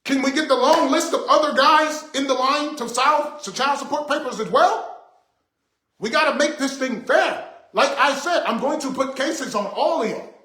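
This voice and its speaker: A middle-aged male vlogger delivers an indignant, preachy rant straight to camera, hammering his points home by repeating them. His fairly high voice is pushed and bright at a moderate pace, and the sound bounces around an echoey room.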